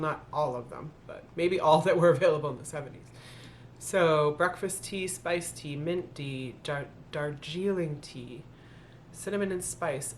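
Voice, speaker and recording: Chatty woman vlogger, low voice. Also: a little hiss or hum. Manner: chatty, thinking aloud, self-correcting. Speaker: thrift reseller vlogger. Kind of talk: casual haul video talk.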